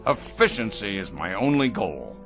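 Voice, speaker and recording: A man's voice: fairly low pitch, very animated, moderate pace, a bit bright, faint music behind. A middle-aged man playing a cold, pompous factory owner who is obsessed with efficiency and speaks condescendingly. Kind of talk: 1960s radio drama acting.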